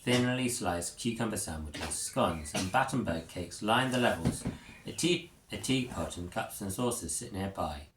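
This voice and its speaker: A man narrating a story in the second person with a measured, descriptive reading, recorded in an echoey room with faint noise. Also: on the low side, expressive, a bit bright. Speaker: audiobook narrator.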